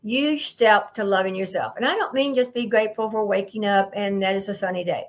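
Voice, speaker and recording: A woman's voice: medium pitch, fairly quick. A woman speaking earnestly and emphatically to camera from a seated indoor setup, repeating her key phrases. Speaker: spiritual speaker. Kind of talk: inspirational talk to camera. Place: indoors, seated in a lit room. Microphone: microphone at a camera setup.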